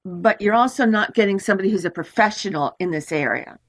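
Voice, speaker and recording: An older woman, an astrologer, telling stories in an interview in an animated way, often laughing and acting out the voices in her stories. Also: mid-range voice, quick pace. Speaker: astrologer guest. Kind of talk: storytelling in a podcast interview.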